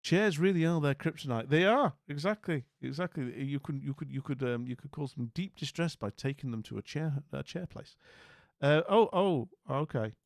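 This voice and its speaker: Man, livestream host, wry, rambling, fairly high pitch, dry close sound. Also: lively intonation, normal speed, gravelly, no room sound. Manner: wry, rambling, trails off into mumbles. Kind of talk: casual live chat reacting to house listings.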